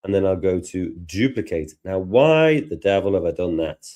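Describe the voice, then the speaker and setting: A man with a Liverpool accent hosting a live software lesson, chatting and thinking aloud as he works. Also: deep voice, big pitch swings, moderate pace. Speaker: tutor and host. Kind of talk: live software tutorial chat.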